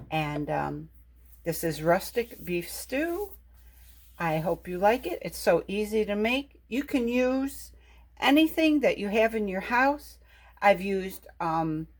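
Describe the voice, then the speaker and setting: A woman with a lowish voice talks through her stew in an easy, homey ramble. She takes her time and drifts from cooking tips into a childhood story. Her delivery is unhurried and chatty. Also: darkish tone. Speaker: cooking vlogger. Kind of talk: casual cooking chat and storytelling.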